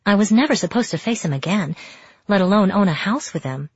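A woman narrating a novel in the first person with steady, reflective storytelling, on a dry, dull recording. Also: medium pitch, fairly quick, husky, no room sound. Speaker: audiobook narrator.

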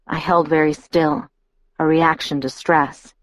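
Woman reading a novel out loud, steady, lowish voice, dry close sound. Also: measured pace, dry recording, rough recording. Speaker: audiobook narrator. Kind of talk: first-person novel narration.

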